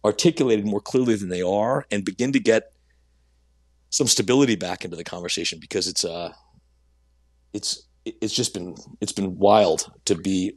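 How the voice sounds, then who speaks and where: Earnest, husky-voiced man guest. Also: lowish voice, no room sound, clean studio sound. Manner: earnest, halting, many restarts. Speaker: company CEO guest. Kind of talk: conversational interview answers.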